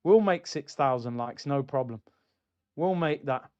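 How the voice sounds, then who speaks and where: A young man hosting a football watchalong livestream, chatty and excitable, reading out viewer comments. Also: mid-range voice, a little slow, clear, resonant tone, lo-fi sound. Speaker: football streamer host.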